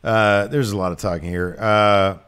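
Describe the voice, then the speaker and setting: A man co-hosting a podcast, chatting casually as he recaps a TV episode and breaks into quick acted quotes. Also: fairly low pitch, fairly even intonation, fairly bright tone, smooth. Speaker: podcast co-host. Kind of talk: casual episode review chat.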